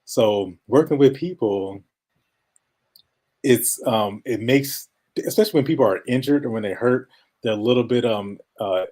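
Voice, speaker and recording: A man with a nasal voice, a guest in a casual interview, talking quickly, now and then mumbling and breaking into laughter. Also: medium pitch, a little mellow. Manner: fast-talking, sometimes mumbles, laughs often. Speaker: podcast guest.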